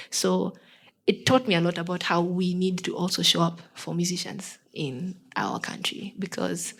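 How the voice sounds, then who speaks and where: Lively Kenyan woman telling stories. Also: on the low side, slightly rough, low-quality recording. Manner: lively storyteller who acts out the people she quotes. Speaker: guest singer. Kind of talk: casual interview chat.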